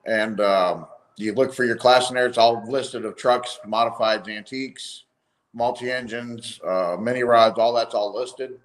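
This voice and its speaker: A man's voice: medium pitch, steady tone, a little slow. A man who organizes an event, a guest on a live stream, explaining things plainly and step by step.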